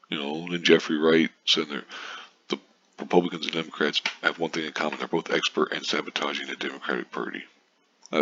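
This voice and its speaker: A man with a very deep, gravelly voice rants casually, sarcastic and profane. His tone is bright and sharp, and the recording sounds dull and lo-fi. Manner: profane, sarcastic, reads out posts and scoffs. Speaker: commentator. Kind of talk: casual political rant.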